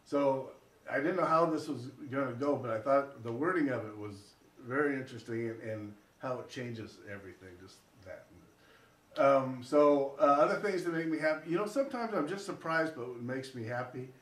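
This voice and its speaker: A man performing as a guest on a comedy talk show, giving a rambling, reflective monologue with halting restarts. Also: mid-range voice, animated, roomy sound. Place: living room with small audience.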